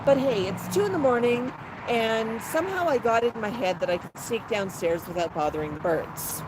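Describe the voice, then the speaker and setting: Woman rambling thru a story on a phone livestream outside, kinda high voice, lots of background noise. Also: animated, fairly quick. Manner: chatty, rambling, with fillers. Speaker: pet parrot channel host. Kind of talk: casual live-stream storytelling. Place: outdoor patio. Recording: noisy outdoor phone recording.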